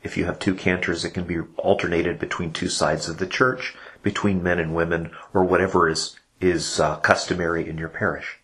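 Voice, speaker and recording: A man's voice: low voice, little pitch movement, normal speed, hardly any pauses, a bit bright. A man explaining, step by step, how cantors lead a church service, in a patient instructional podcast. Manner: patient explaining, breaks into chanted examples.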